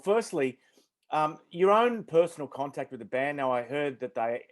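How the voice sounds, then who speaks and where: A man hosting a casual interview, chatty and jokey, laughing often. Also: mid-range voice. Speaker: podcast host.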